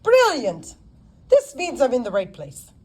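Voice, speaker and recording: A woman's voice: high-pitched, wildly swooping pitch, a little mellow, husky, pitched above the performer's own voice, exaggerated voice. A woman voicing a polite, dapper male attorney with a British accent in an audiobook. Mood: breezy. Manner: polite, cheerfully brisk.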